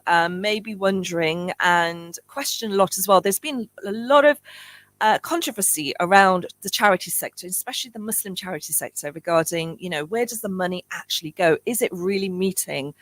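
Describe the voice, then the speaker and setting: A woman's voice: mid-range voice, fairly bright tone, dry recording, low-quality recording. A woman hosting a community radio show, chatting casually with a guest and laughing easily.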